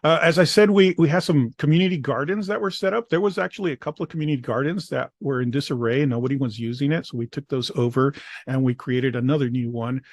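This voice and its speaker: Man presenting with halting pauses, dry sound. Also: mid-range voice, no room sound. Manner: halting, many filler pauses. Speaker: extension program presenter. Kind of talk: conference presentation.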